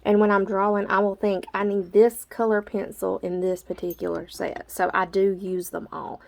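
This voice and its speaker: A woman's voice: mid-range voice, flat delivery, normal speed, gravelly. A woman casually showing her drawing supplies in a vlog, chatty and a little out of breath, with lots of filler words. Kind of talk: casual show-and-tell vlog.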